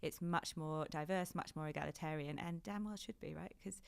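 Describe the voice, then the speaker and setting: Woman, British accent, thirties, low voice, chatty, animated podcast guest. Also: fairly quick, gravelly, clean tone. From Britain. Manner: chatty, animated, laughs often. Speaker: podcast guest, fashion journalist. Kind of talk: casual interview chat.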